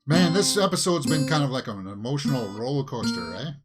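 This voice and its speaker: Lively Canadian man reacting to a show. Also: medium pitch, quick pace, loud music behind the voice. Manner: talks back at the screen, pleading and exasperated. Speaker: reaction video host. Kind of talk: casual watch-along commentary.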